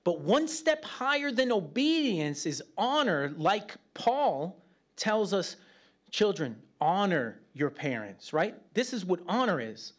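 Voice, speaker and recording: A man teaches from scripture in a loose, conversational sermon. His voice sits a little high for a man, and he stays animated and chatty throughout. He drops joking asides to the room as he talks. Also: slow pace. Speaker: preacher.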